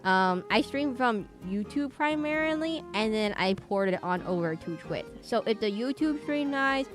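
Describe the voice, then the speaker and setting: A woman's voice: fairly high pitch, lively intonation, moderate pace, music in the background. A woman streaming a video game live, chatting in a rambling, playful way and now and then humming little sing-song tunes.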